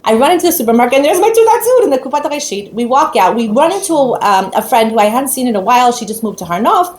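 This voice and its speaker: A woman with a somewhat high voice teaches Torah through an animated personal story and acts out each person's lines. She talks fast. The recording is roomy and echoey, with faint noise underneath.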